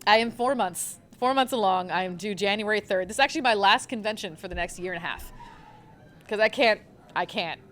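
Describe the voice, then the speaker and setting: A woman's voice: medium pitch, brisk, a bit bright. A young woman recommending manga on a live convention panel, gushing and rambling with lots of fillers.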